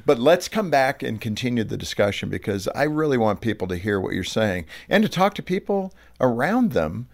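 A man's voice: medium pitch, very animated, moderate pace, creaky, few pauses. A man hosting a faith talk show interview, friendly and affirming toward his guest. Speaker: host.

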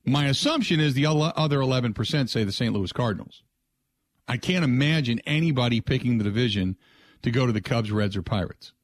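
A man's voice: medium pitch, expressive, fairly quick, dry recording. Male radio host, casual and rambling, in a dead studio. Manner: rambling, frequent restarts and filler asides. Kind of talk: casual sports talk radio.

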